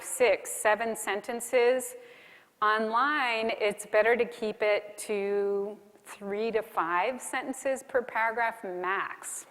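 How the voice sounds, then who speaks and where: A woman delivers a conference keynote in a friendly, practical, instructive way. Her voice sits at an ordinary middle pitch. A long reverb tail from the hall hangs around every phrase. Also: a bit bright. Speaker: keynote speaker.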